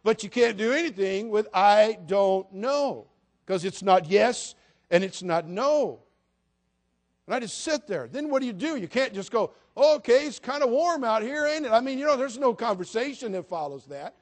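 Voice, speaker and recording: A man's voice: sits high, expressive, moderate pace. A man in his sixties from the United States, preaching a sermon in a folksy, humorous storytelling way. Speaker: pastor.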